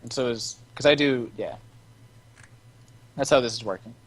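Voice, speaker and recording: A man's voice: medium pitch, moderate pace, breathy edge. A man playing in a tabletop game, chatting casually and jokingly with gamer slang. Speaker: player.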